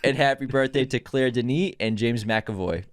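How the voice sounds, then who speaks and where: A man's voice: medium pitch, clear, resonant tone, no room sound. Young man running a podcast segment. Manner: brisk list reading with easy banter. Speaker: podcast co-host. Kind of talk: casual film podcast chat and segment reading.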